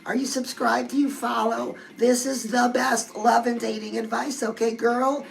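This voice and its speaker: A woman's voice: a little high, flat delivery, measured pace, vocal fry, low-quality recording. A woman hosting a love and dating advice show, talking casually and confidingly to her listeners. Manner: chatty, confiding, addresses listeners as girl. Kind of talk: casual advice talk to viewers.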